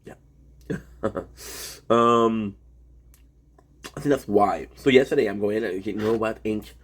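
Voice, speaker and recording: Man, streamer, husky voice, lowish pitch, rambling and swearing a lot, casual vlog talk. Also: slow. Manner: rambling, profane, animated storytelling.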